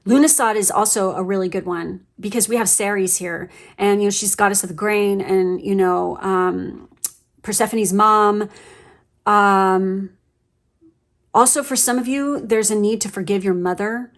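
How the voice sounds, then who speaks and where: A woman's voice: mid-range voice, unhurried. A woman giving a casual, emotional tarot reading, chatty with lots of fillers and the odd swear word. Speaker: tarot reader.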